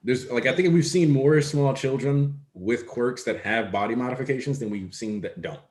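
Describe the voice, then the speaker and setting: A man's voice: medium pitch, moderate pace, a little mellow. A man co-hosting a casual discussion, explaining his points at length in an analytical way. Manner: analytical, talks in long explanations. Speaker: co-host. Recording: echoey room.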